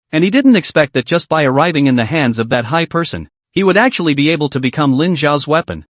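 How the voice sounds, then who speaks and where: Casting: male recap narrator, slightly higher voice, steady scripted reading, dry booth sound. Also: no echo. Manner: reads every part in one even narrating voice.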